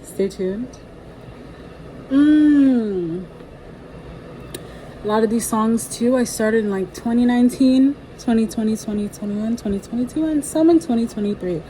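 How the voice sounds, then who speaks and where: Young woman, mellow tone, rambling candid monologue, swears and laughs, low energy. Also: a little slow, long pauses, a little hiss or hum, poor audio. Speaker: spiritual vlogger and musician. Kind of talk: casual spoken monologue.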